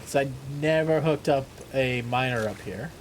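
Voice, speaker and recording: A man with a mid-range voice streams a game live at normal speed, with slight background noise. Animated and profane, he jokes with his chat and reads trivia questions aloud between bits of play.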